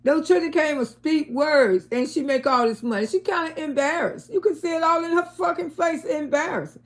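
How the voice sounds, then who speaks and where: A woman's voice: sits high, brisk. A woman hosting a livestream, chatting casually and scolding bluntly with plenty of profanity. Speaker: livestream host.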